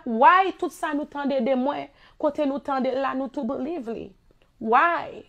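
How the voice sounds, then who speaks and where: Distraught high-voiced Haitian woman pleading. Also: vocal fry. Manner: pleading, impassioned, repeating herself. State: distraught, near tears. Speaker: singer. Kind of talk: emotional personal monologue.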